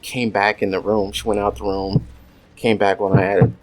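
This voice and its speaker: A man's voice: fairly low pitch, flat delivery, normal speed, poor audio. A man telling a crude story in a casual, rambling way, full of swearing and filler words, while gaming at home. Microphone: desk USB microphone. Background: faint noise and mouse clicks.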